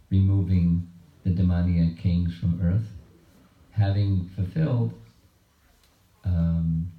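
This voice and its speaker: A low-voiced man leads a scripture class in a home, unhurried and halting as he tells the story. He sounds distant from the mic, with a roomy echo and a dull, muffled recording. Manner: slow, measured, halting phrasing. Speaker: monk giving a scripture class. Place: home program room.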